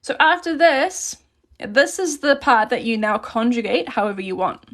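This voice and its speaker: A woman teaching a relaxed, chatty live grammar lesson and reading out questions from chat as she writes on paper at her desk. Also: fairly high pitch, normal speed. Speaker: Korean language teacher.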